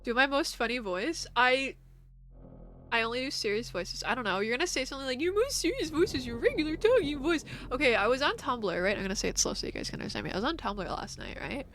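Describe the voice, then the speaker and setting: A young woman chats casually over her gameplay stream with a voice that sits a little high. She giggles often, swears freely and teases her viewers. A faint hum of noise sits under her talk. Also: animated, quick pace, sharp tone. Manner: giggly, profane, teasing toward chat.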